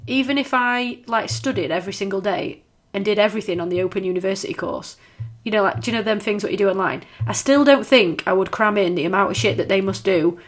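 A woman's voice: medium pitch, quick pace. Sweary woman in her thirties. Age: 30s. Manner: sweary, animated, chatty. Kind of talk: casual chat.

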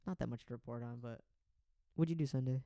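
A man's voice: medium pitch, fast, vocal fry, dark tone, no echo. A young man telling a rambling story in casual chat as a podcast co-host, stuffing his talk with "like" and swearing freely. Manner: rambling, heavy use of "like", frequent swearing.

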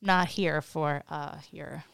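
A woman's voice: deep voice, fairly even intonation, takes it slowly, creaky, fairly bright tone, smooth. A woman, co-hosting a casual podcast and telling stories full of swearing and acted-out quotes. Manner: profane, storytelling with acted-out quotes. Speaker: podcast co-host. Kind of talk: casual chat.

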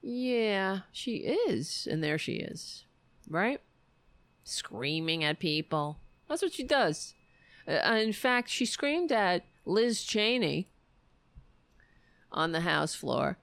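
A woman's voice: mid-range voice, very animated, slow, creaky, a bit bright, no echo. A woman hosting a political podcast livestream, talking in a sarcastic, mocking and profane way, rambling and correcting herself as she goes.

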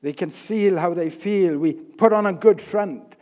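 An older man giving a sermon, telling stories with humor and swinging between loud and soft delivery. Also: sits high, a little slow. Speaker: preacher. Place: church. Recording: long reverb of a church hall.

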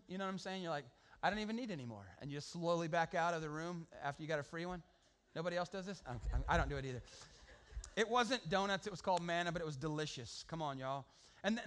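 A man preaching a sermon to a congregation, animated and joking with the crowd. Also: high-pitched. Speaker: pastor.

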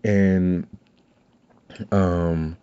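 A man's voice: low-pitched, flat delivery, very slow, warm tone, smooth. A man hosting a podcast in casual chat, rambling and cursing, with many restarts. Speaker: podcast host. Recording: slightly dull lo-fi sound.

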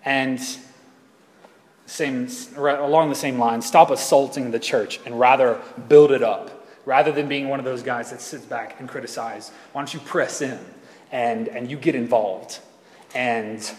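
A man's voice: mid-range voice, steady tone, a little slow, darkish tone. Casual, rambling male pastor in an echoing hall. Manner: conversational, rambling, self-correcting. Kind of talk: sermon. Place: church sanctuary. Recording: echoey hall reverb.

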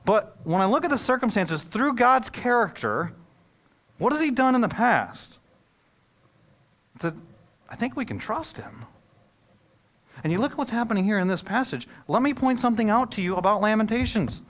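A pastor preaching a sermon to his congregation, telling stories and joking, then swelling from quiet asides to loud, emphatic peaks. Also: sits high, animated, normal speed, pauses often. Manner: jokes with the congregation. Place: church service held in a movie theater.

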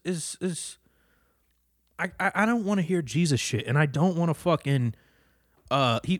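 Brief: man, solo commentator, heated profane rant, dry close sound, swooping higher voice. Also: no echo. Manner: profane, heated, repetitive ranting. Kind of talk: casual opinion rant.

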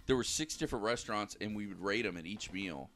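A man's voice: on the low side, fast. A man casually telling a long, profane story to friends, laughing and acting out the people in it. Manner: animated, profane, laughing storyteller who acts out quotes. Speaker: podcast co-host telling a story.

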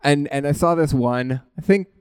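Animated, conversational male preacher. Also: on the high side, moderate pace, smooth, dry recording. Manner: animated, informal, self-interrupting, laughs at himself. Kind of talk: conversational sermon.

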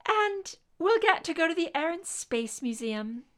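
A woman's voice: very high-pitched, very animated, a little slow, pitched above the performer's own voice, full character voice. A woman voicing a weary, half-hearted young mother on a plane in a read-aloud story, sounding tired and apologetic.

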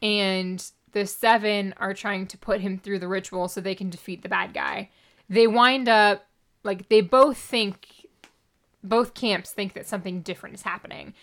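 A woman co-hosting a casual chat show, recapping a book in a wry, animated way. She reads passages aloud with mock drama. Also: mid-range voice, normal speed. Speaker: podcast co-host reviewing a book.

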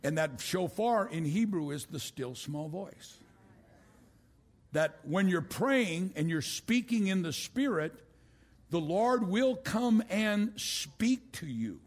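An older man preaching a sermon as a pastor, swinging from loud exclamations down to a hushed voice. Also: sits high, very animated, takes it slowly. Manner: rising to loud exclamations, then dropping to a hush.

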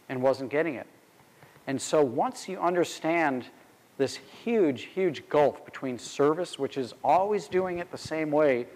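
Male speaker, mid-pitched, conversational talk with anecdotes; long hall reverb. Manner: conversational, uses quoted dialogue and asides. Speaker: restaurant executive speaking on hospitality.

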